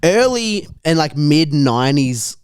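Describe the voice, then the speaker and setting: A man's voice: on the high side, very animated, unhurried, clean tone, no echo, studio quality. A young Australian man co-hosting a podcast, chatting casually with crude, swearing, laughing banter. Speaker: podcast co-host. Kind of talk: casual chat.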